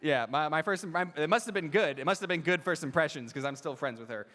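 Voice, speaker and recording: A man's voice: a little high, fast talker, a bit bright. Rambling young man at a convention panel. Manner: rambling, laughing, restarts often. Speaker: animator answering fan questions. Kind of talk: live fan Q&A panel. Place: large convention hall, in front of an audience. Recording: echoey convention hall PA.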